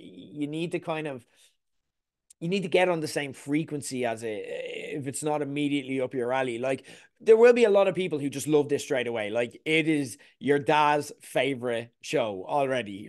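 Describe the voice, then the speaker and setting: Man, chatty, rambling, slightly high voice, casual TV review. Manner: chatty, rambling, full of "like" asides. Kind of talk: casual chat.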